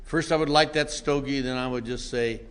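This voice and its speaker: An older man telling a self-mocking story to a meeting audience in a wry, comic way that builds into shouting. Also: mid-range voice, fairly even intonation, normal speed, smooth. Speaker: recovery meeting speaker.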